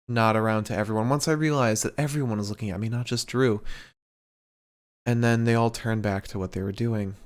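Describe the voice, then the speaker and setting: A man's voice: on the low side, clean tone. A man co-hosting a podcast, playful and self-mocking as he reads comic fan fiction aloud. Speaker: podcast co-host.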